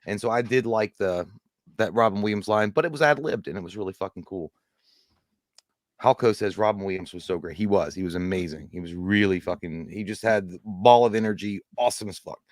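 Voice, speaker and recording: A man co-hosts a livestream in a fairly low voice that runs a little fast, chatting casually about movies. He rambles, swears, and laughs often, on clean studio sound with no room sound.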